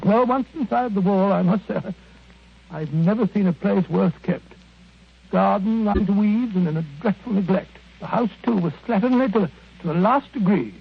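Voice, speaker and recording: An actor playing a genial, earnest doctor companion who talks with a flustered, hesitant manner, in 1940s radio acting style. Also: male voice, sits high, normal speed, gravelly, husky, exaggerated voice. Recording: tinny narrow-band old radio recording.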